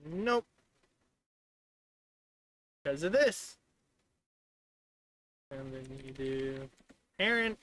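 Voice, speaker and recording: A man streaming live while coding, rambling in exasperation and mocking the software by voicing what it says back to him. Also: medium pitch, expressive, very slow, pauses often, a little hiss or hum. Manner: exasperated, rambling, mocks the software in quoted voices.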